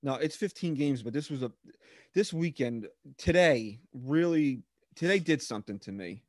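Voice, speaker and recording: A man's voice: medium pitch, lively intonation, moderate pace, no room sound, clean studio sound. A man co-hosting a casual sports podcast, blunt and exasperated, who calls his co-host bro and dude.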